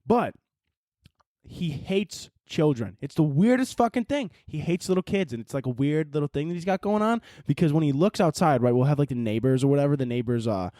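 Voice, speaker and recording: Young guy ranting on his podcast, lots of swearing, jumpy high voice, dry sound. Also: fairly quick, no echo. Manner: profane, rambling, animated. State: tired from little sleep. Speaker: podcast host and comedian. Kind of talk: casual podcast rant.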